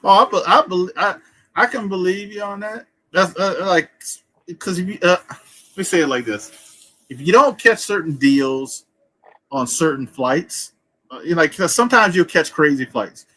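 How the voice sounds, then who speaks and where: Bright-voiced man rambling casually. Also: sits high, expressive, moderate pace, low-quality recording. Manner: loose, rambling, laughs easily. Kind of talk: casual chat.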